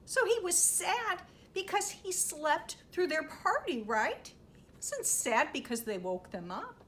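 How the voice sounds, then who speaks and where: A woman librarian reads a picture book aloud to young children and keeps asking them questions. Her voice is high and swings widely in pitch. She takes it very slowly, drawing out every phrase. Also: slight background noise. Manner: animated, asks children questions. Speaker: children's librarian storytime host.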